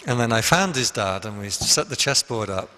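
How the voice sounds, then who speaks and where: A man's voice: lowish voice, animated, moderate pace, sharp tone. A man, a Buddhist monk, giving a conversational dharma talk full of anecdotes in a meditation hall. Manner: conversational, anecdotal, with frequent restarts.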